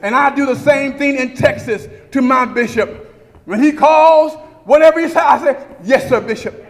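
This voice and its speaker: High-pitched whooping preacher in a reverberant church. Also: male voice, normal speed. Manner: builds to shouted, chanted crescendos with a singing preacher's cadence. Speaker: pastor delivering a eulogy. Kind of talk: eulogy sermon with whooping sung cadence. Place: large church sanctuary before a congregation. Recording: long church reverb with organ and congregation.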